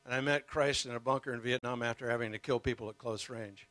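A man's voice: medium pitch, steady tone, fast talker, fairly bright tone, no echo. An older man preaching as a guest speaker, earnest and emotional, telling his story with humor. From United States. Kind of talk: sermon.

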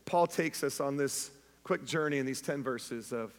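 A man preaching an Easter sermon, conversational and energetic, asking the congregation if they are with him. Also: medium pitch, moderate pace. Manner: energetic, conversational, calls to the audience. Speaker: pastor. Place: church auditorium. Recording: long reverb of a church.

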